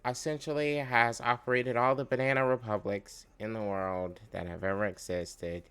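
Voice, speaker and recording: Guy ranting and cussing, bright voice, fired up. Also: mid-range voice, fairly even intonation, moderate pace, clean tone. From United States. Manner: profane, rambling, fired up. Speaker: commentator reacting to a video. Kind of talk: casual ranting commentary.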